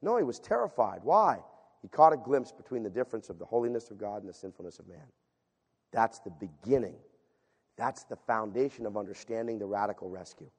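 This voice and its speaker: A man preaching a sermon and reading scripture aloud, shifting from loud emphatic passages to hushed reading. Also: on the low side, lively intonation, brisk, husky. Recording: long reverb of a large hall.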